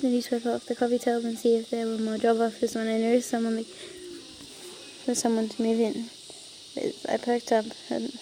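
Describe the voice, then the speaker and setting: A woman's voice: fairly high pitch, little pitch movement, a little fast, mellow, a little hiss or hum, rough recording. A woman casually reading online stories aloud, giggling often and breaking off into chatty asides. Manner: giggly, breaks off to laugh and ramble.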